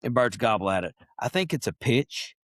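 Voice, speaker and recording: A middle-aged man, a podcast guest chatting casually and telling lively stories, now and then imitating animal calls. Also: mid-range voice, normal speed, dry recording, clean studio sound. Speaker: podcast guest, wildlife biologist. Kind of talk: casual interview chat.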